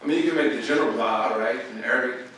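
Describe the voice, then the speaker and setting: A man's voice: medium pitch, quick pace, a bit bright, a little hiss or hum. A man from Oklahoma, a guest imam, giving a casual, slangy storytelling lecture and acting out other people's lines. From Oklahoma, USA. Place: university lecture room. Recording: very echoey hall, mic far off.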